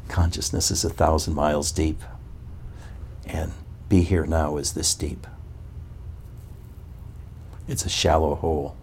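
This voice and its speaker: A man's voice: extremely low pitch, level tone, slow pace, pauses often, darkish tone, slight background noise. A man as a spiritual teacher, giving a talk to a gathering and asking one probing rhetorical question after another.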